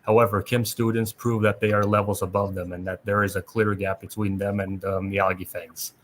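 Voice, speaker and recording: A man hosting a podcast, reading a plot recap aloud in a steady way with small restarts. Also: lowish voice, moderate pace, slight background noise. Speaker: podcast host.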